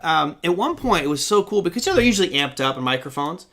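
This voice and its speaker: Fast, bright-voiced male stream host. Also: a little high. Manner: energetic, rambling with fillers. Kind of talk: live online trading show chat. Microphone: desk microphone.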